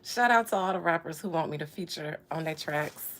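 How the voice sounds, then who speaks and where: A woman's voice: deep voice, fairly quick, fairly bright tone. A woman vlogger in casual chat, joking playfully and laughing often.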